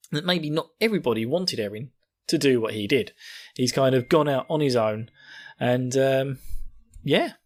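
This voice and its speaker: A man hosting a podcast, recapping an episode casually, laughing often and swearing. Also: a little high. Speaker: podcast host.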